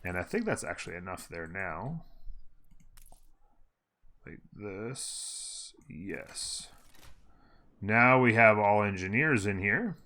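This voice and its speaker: Talking at his desk mic while he plays, a man hosts a casual gameplay video. His low voice is bright and sharp, with wide, lively pitch swings, and he speaks slowly with long pauses, thinking aloud with fillers and fixing himself mid-sentence.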